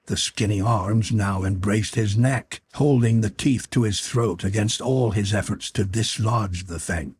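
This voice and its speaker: A man narrating an audiobook with measured, dramatic storytelling. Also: fairly low pitch, a little mellow, husky, no echo.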